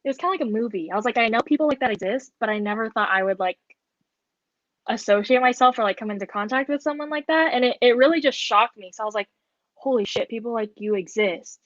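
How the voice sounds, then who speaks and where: Casting: young woman, higher voice, chatty rambling storyteller, dull dry lo-fi recording. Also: fast talker, no echo. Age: young adult. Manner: rambling storytelling, heavy on filler words. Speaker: podcast co-host. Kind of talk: casual chat.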